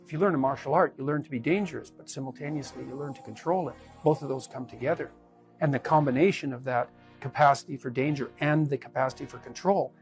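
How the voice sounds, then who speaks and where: A man speaking in an emphatic lecturing manner, in a clip played with music underneath. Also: medium pitch.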